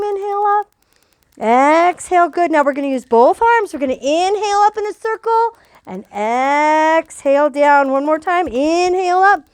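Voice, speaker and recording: A woman's voice: sits high, expressive, normal speed, no echo. An older woman, a grandmother, leading a children's yoga lesson with a cheerful, playful coaching voice. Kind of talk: guided kids' yoga lesson.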